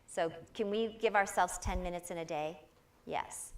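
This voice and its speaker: A woman giving a live inspirational talk at a spiritual center, lively and encouraging, prompting the audience to answer back. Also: lowish voice, moderate pace.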